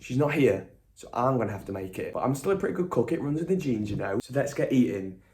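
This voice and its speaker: A young man talks straight to his viewers in a relaxed food vlog. He sounds eager and chatty, often breaking into excited exclamations. His pitch sits in an ordinary middle range. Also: quick pace. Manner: enthusiastic and chatty, lots of exclamations. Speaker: vlogger.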